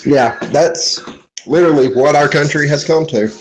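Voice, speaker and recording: A man at a round table who speaks haltingly and mostly agrees. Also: a little high, a little hiss or hum, low-quality recording.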